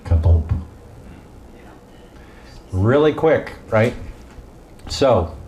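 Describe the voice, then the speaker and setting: A pastor with a fairly low voice speaks very slowly while leading a Bible study, with slight background noise in the recording. Animated and jokey, he teaches casually, quizzing the group and acting out parts of the story in character voices.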